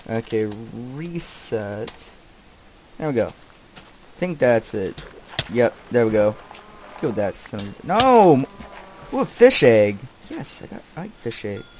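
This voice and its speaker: A young man giving casual, distracted commentary while he plays a game. He swears often and keeps yelling at the animals and characters on screen. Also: lowish voice, background noise. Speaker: gameplay commentator.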